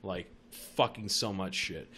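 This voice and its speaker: A man's voice: deep voice, unhurried, slight background noise. A young man hosting a casual podcast, telling wild stories with constant swearing. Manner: profane, animated storytelling. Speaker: podcast host.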